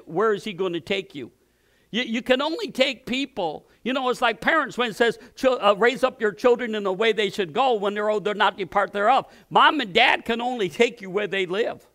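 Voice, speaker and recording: A middle-aged male pastor preaching with a high, bright voice. He presses his points with rhetorical questions and often restarts mid-phrase. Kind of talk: sermon.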